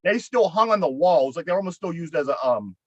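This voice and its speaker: Casual storytelling drives this podcast clip, where a Pittsburgh-accented co-host rambles profanely through a long tale, repeating words often. His high voice moves briskly with lively intonation, in a dry recording with dull audio.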